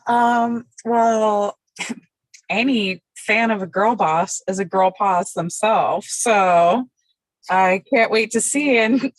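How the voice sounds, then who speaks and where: A woman on a casual online panel talks slowly in a fairly high voice. She giggles between thoughts and teases the others. Her sound is close and dry. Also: fairly bright tone, no room sound, poor audio. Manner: giggly, teasing, swears casually. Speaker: panelist assessing new cast.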